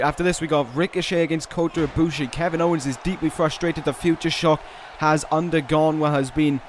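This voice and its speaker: A man giving play-by-play commentary over a wrestling video game, with casual, rambling asides and restarts, and excited calls on big moves. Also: medium pitch, slight background noise. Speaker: gaming video host.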